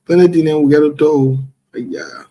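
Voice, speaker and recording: A man's voice: a little high, sing-song, moderate pace, gravelly, warm tone. A man hosting a casual live stream, playfully greeting viewers by name and chuckling as he goes. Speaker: livestream host.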